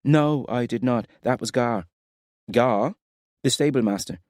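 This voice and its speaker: A shy, wary young girl who answers hesitantly, as a male narrator raises his voice for her. The voice sits high above his own, lifted and close, with a dry sound. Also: unhurried, a little mellow, no room sound, lightly acted.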